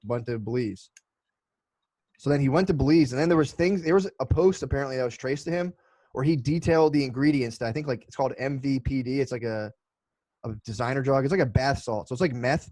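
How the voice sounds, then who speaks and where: A man's voice: mid-range voice, fast talker, a little mellow, no room sound. A man co-hosting a podcast, telling rambling, profane stories in casual chat. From United States. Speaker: podcast co-host.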